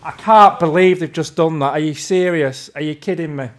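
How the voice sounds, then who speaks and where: A man's voice: a little high, moderate pace. A man ranting in exasperation while commentating his own gameplay. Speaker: gamer.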